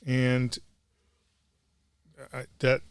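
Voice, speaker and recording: A man's voice: mid-range voice, completely flat delivery, extremely slow, clean tone, no echo. A middle-aged man, a combat veteran guest, telling a war story in blunt, profane casual talk.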